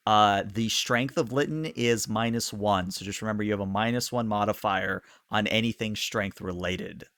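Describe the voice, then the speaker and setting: A man narrating a tabletop game as game master in a relaxed, rambling way with many fillers. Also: lowish voice, normal speed.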